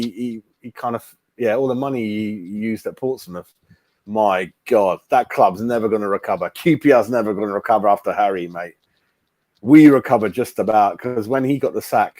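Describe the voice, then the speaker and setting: A man's voice: medium pitch, darkish tone, no room sound. A man hosting a casual fan live stream, chatting bluntly and calling everyone mate. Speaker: fan channel host.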